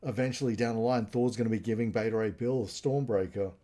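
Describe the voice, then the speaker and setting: A man co-hosting a live review stream, retelling comic plots in a rambling, animated casual chat. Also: lowish voice, brisk.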